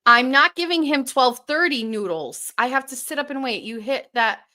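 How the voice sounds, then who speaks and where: A woman hosts a casual livestream and chats to her viewers as she goes. She is excitable and swears freely, and her voice sits a little high. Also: normal speed. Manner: excitable, swears often, laughs and gasps. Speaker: livestream host. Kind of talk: casual livestream chat, opening gifts.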